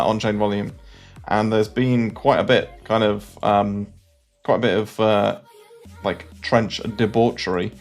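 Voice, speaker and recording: A man hosts a casual livestream, talking loosely and rambling through his thoughts with frequent fillers and restarts. His voice sits somewhat low, with a gravelly, fry-edged texture. A faint trace of music plays underneath. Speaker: crypto trading livestreamer.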